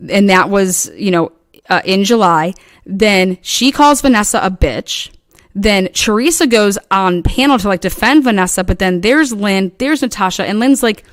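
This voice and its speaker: A woman casually recounting online drama in a rambling, profane way, acting out quoted lines in animated bursts. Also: medium pitch, moderate pace, no room sound, clean studio sound. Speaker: online commentator.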